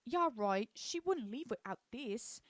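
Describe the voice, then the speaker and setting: A woman's voice: a little high, expressive, measured pace, no room sound. A woman putting on a mock British accent to voice a fierce, suspicious teenage schoolgirl who talks bluntly and accusingly.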